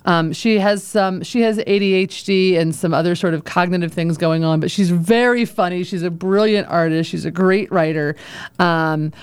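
A woman's voice: on the low side, normal speed, clear, resonant tone, no room sound. A woman from a public library, a guest on a radio show, chatting casually as she recommends books. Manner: chatty, laughs easily. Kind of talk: casual on-air book recommendations. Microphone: studio microphone.

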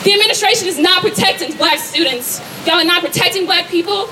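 A woman's voice: very high voice, a little fast. A young woman giving an impassioned protest speech at an outdoor campus rally, firing rhetorical questions at the crowd. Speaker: student rally speaker. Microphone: rally sound system. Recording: distant voice over crowd and noise.

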